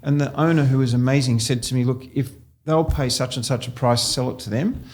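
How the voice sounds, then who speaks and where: A man with an Australian accent and a mid-range voice tells stories from his sales career. He talks in a relaxed, conversational way, and his delivery gets animated as he recounts his anecdotes. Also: medium pitch, fairly quick. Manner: animated storyteller, laughs while telling anecdotes. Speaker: real estate agent, guest. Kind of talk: casual interview storytelling.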